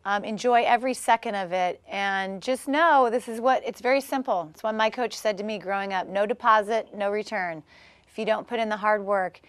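A woman's voice: mid-range voice, fairly quick, few pauses, clean tone, dry recording. A woman in her thirties, a guest on a TV talk show, speaking in a bubbly, chatty and upbeat way. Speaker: guest, former Olympic swimmer. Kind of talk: casual TV interview.

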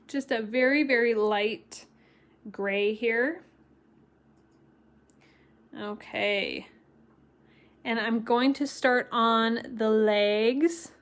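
A woman leads a live-streamed watercolor tutorial at a slow, unhurried pace. Her voice sits a little high, and her delivery is chatty and encouraging as she talks viewers through each step. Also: fairly bright tone. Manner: chatty and encouraging, reads viewer comments aloud and laughs often. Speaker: watercolor stamping instructor.

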